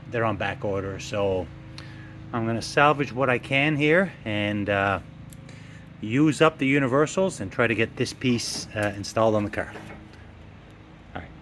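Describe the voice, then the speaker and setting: A man talks his way through car work in a home garage, loose and rambling, full of "uh" and "I mean." He has a dry, sarcastic edge, and his voice sits at an ordinary middle pitch. Faint workshop noise hums behind him on a camera mic. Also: fairly bright tone. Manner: easygoing, rambling, many fillers, dry sarcasm. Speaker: classic car restorer. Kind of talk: casual workshop vlog narration.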